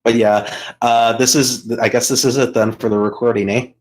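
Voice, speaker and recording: A man's voice: mid-range voice, little pitch movement, moderate pace, rough recording. Rambling man telling a story. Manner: rambling storyteller, heavy swearing, many fillers. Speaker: podcast co-host. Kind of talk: casual chat.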